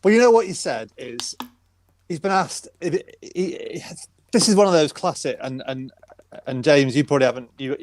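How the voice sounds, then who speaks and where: A man co-hosting a casual football podcast, wry and halting, often repeating his words. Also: on the high side, slight background noise. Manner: wry, hesitant, repeats himself. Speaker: podcast co-host. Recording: dry close sound.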